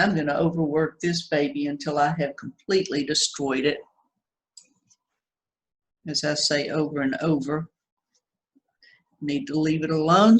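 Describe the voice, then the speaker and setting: Slow, chatty woman teaching watercolor. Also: deep voice, rough recording. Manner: chatty, self-critical, reassuring. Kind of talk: painting demonstration, thinking aloud.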